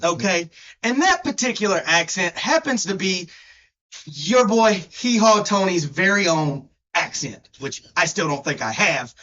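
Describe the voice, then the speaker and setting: A man's voice: high-pitched, bright, forceful tone. A man, co-hosting a comedy show with a laid-back, teasing folksy drawl. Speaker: co-host. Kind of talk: comedic banter. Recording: dull lo-fi recording.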